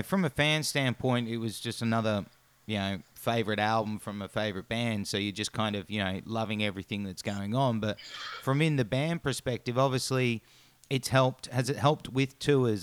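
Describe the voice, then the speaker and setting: A man's voice: medium pitch, clean tone. A man hosting a podcast interview, asking long, run-on questions with many ums. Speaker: podcast host. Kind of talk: casual interview.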